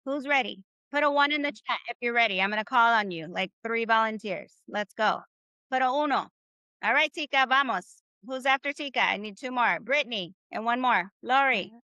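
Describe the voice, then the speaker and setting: A high-pitched, bright-toned woman leads a live online Spanish class. She is upbeat and encouraging, and she drills phrases with the group. Her voice sounds dry and close, with no room echo. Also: normal speed, lo-fi sound. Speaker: Spanish teacher.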